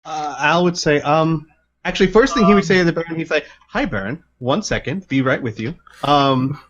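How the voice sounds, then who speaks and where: A man's voice: on the high side, moderate pace, fairly bright tone, lo-fi sound. A man playing a tabletop game, speaking for his character and stumbling over restarts. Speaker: player.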